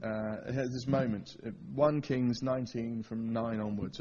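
Husky-voiced man teaching a sermon. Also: mid-range voice, fairly even intonation, moderate pace, few pauses, dark tone, lo-fi sound. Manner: asks the audience rhetorical questions. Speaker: preacher.

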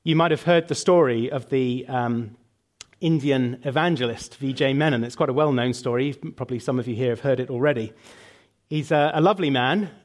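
A man's voice: medium pitch, brisk. A man preaching a sermon and leading a prayer, emphatic and building through lists, later answering questions with some fillers.

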